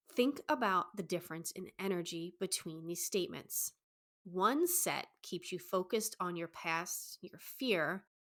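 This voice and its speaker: A young woman, a dating coach, giving advice on her podcast in a fast, excited, enthusiastic way. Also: on the low side. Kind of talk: solo podcast advice talk.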